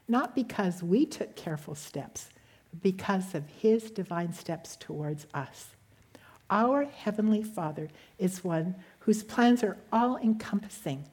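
A woman giving a gentle devotional sermon that tells a story and ends in prayer. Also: lowish voice, husky. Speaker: speaker giving a devotional talk.

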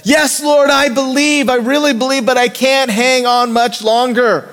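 Male preacher doing a frantic man dangling from a branch, begging in a raised, strained pitch, church reverb. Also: steady tone, measured pace, fairly bright tone. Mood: pleading. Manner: high, pleading and desperate. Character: panicked man hanging off a cliff. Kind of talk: sermon.

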